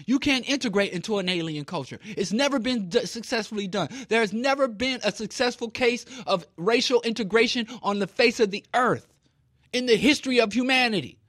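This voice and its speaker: A man's voice: high voice, expressive, a little fast, fairly bright tone, no echo, clean studio sound. A man from Kansas City giving an impassioned talk, emphatic and preachy, with rhetorical questions. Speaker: speaker.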